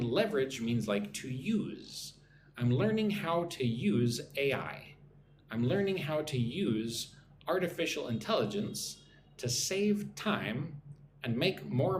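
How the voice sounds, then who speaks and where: Man, English teacher, live lesson, slow careful delivery, sleepy, echoey room. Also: mid-range voice. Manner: drills phrases slowly, reads chat names aloud. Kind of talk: live-streamed pronunciation lesson. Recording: echoey room with faint background noise.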